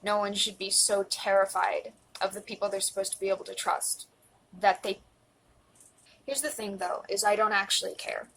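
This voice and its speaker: A woman's voice: mid-range voice, completely flat delivery, brisk, vocal fry, hardly any pauses, a bit bright, slight background noise, rough recording. A woman in her twenties speaking earnestly into a phone in a personal confessional vlog, emotional and close to tears, at times dropping to a whisper. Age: 20s. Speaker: vlogger.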